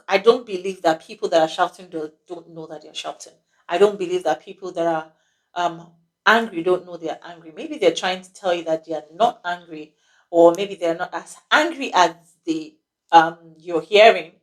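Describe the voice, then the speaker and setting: A woman hosting a casual advice talk on relationships, halting with many "um"s and checking in with "okay?". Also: on the low side.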